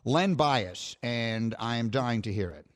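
A man hosts a sports radio show and talks with his guest in an easy, conversational way. His voice sits at a middle pitch. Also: animated, slow pace. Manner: conversational interviewer. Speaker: radio host. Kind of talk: radio interview.

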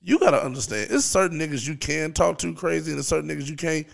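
A man's voice: fairly high pitch, quick pace, vocal fry. A man guesting on a casual podcast, talking in blunt, profane, teasing banter.

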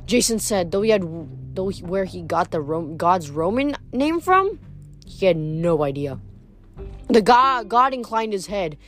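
A woman's voice: mid-range voice, lively intonation, a little slow, faint music behind. A woman reading a novel aloud in a plain way, often stopping to correct herself. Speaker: reader.

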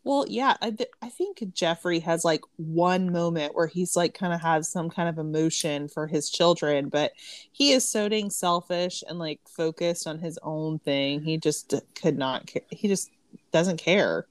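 Woman, casual book review chat, opinionated, low-pitched, dry close sound. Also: a little slow, dry recording. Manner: chatty, opinionated, laughs often.

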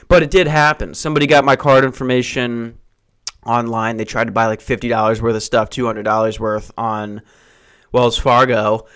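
A man's voice: mid-range voice, little pitch movement, normal speed, a bit bright, smooth. A young man hosting a podcast, rambling through casual, profane, jokey stories. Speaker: podcast host.

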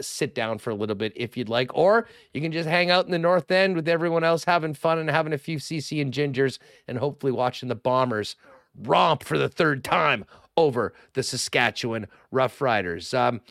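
A man's voice: medium pitch, lively intonation, moderate pace, fairly bright tone, no room sound. A man with a Canadian accent hosting a casual sports talk show, rambling through sponsor plugs and giveaways. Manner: chatty, rambling, promo reads. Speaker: sports radio host.

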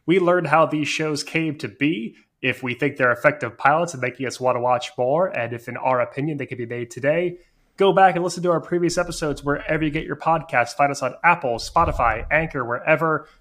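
A man's voice: on the high side, a little fast, a bit bright. A man co-hosting a podcast in casual chat, enthusiastic and wry. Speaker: podcast co-host.

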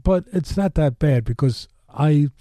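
A man's voice: a little high, measured pace, dark tone, no room sound, clean studio sound. Rambling man telling a street story. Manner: rambling, many fillers and restarts; blunt street-tough talk. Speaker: storytelling guest. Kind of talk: casual spoken storytelling.

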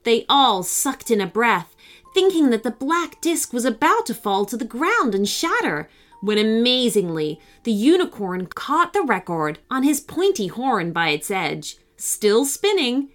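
A woman narrating a children's story in scripted storybook style, lifting her voice for the excited girls. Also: a little slow. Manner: expressive, voices the girls with higher excited pitch.

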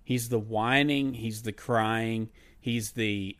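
A man co-hosting a casual sports podcast, animated and mocking, laughing as he talks. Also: fairly low pitch, slow pace. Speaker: podcast co-host.

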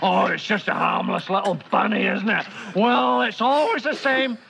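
A man's voice: sits high, moderate pace, vocal fry, noisy background. A man playing a fretful Scottish rabbit-warner. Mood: scolding. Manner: fretful, scolding, told-you-so. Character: jittery grumbling Scottish man warning of a killer rabbit. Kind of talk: film comedy acting. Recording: muffled film soundtrack with music.

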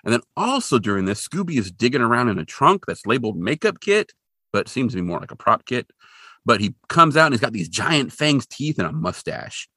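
A man co-hosting a podcast in casual chat, retelling a cartoon episode in an animated way and jumping into voices for the characters. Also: brisk, dry recording, studio quality. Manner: animated storyteller, jumps into high voices for quoted characters.

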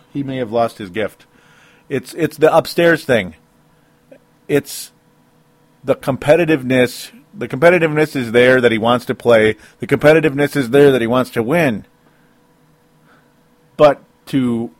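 A man's voice: mid-range voice, no echo. A man giving a solo sports opinion podcast, rambling and interrupting himself with frequent rueful laughs. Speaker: sports commentator.

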